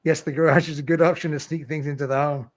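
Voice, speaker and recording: A man's voice: fairly high pitch, level tone, fast. A middle-aged man hosting a livestream, chatting casually, reading viewer comments aloud and laughing often. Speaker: livestream host.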